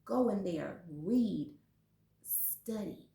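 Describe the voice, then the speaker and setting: A woman hosting a casual faith talk, encouraging listeners and telling lively anecdotes. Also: mid-range voice, extremely slow, vocal fry. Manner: warm encouraging, animated when telling anecdotes. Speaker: host. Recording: echoey room.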